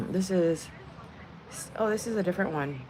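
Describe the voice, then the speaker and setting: A woman's voice: lowish voice, moderate pace, darkish tone, slight background noise. A woman hosting a casual livestream, rambling and cursing freely with frequent laughter. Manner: profane, rambling, laughs a lot. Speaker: livestream host.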